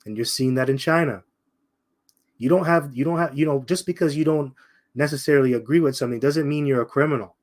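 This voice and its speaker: Blunt streetwise man preaching. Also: medium pitch. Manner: streetwise, confrontational, addresses listeners as "man"; repeats points, slows down for emphasis. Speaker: bible teacher. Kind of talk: informal scripture commentary.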